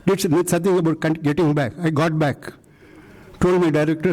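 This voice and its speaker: A man's voice: fairly high pitch, steady tone, fairly quick, a little mellow, rough recording. An older man from India recounting his career to a live audience, telling an emphatic story and acting out the dialogue. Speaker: invited speaker recounting career. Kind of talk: live lecture anecdote. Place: lecture hall.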